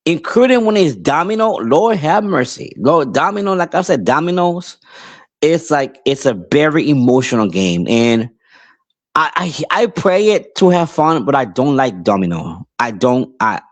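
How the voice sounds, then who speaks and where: A man who grew up between Puerto Rico and New York, hosting a podcast and telling a rambling casual story with many restarts and animated outbursts. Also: mid-range voice. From Puerto Rico, raised in New York. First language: English. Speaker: podcast host.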